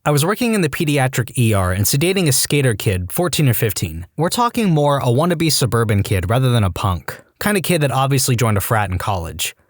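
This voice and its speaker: A man narrates reader-submitted stories with a deadpan comic touch. His pitch moves around a lot as he reads. The recording is close and dry, with no room sound. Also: brisk, hardly any pauses, no echo. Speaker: story narrator. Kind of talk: reading online stories aloud.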